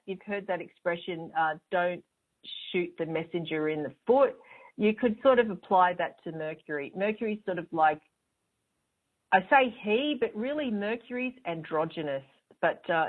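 A woman's voice: lowish voice, normal speed. A woman hosting an astrology show, explaining in a chatty, rambling way with a smile in her voice. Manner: chatty, rambling, with fillers and restarts; smiling as she talks. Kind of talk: casual spoken explanation. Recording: tinny phone-line sound.

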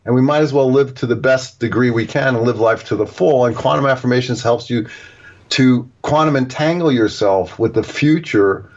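A man's voice: mid-range voice, moderate pace, a little mellow. A man being interviewed as an author, explaining at length and acting out little example quotes as he goes. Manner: digressive, explaining with acted-out examples. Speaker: author and guest. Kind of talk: casual interview talk. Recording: dull lo-fi audio.

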